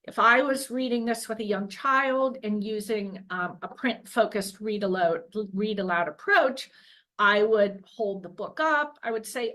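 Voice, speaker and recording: A woman's voice: mid-range voice, measured pace, pushed and bright, poor audio. A woman researcher explaining her early literacy work in an earnest, careful way, often correcting herself mid-phrase. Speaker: education researcher. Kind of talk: explanatory talk.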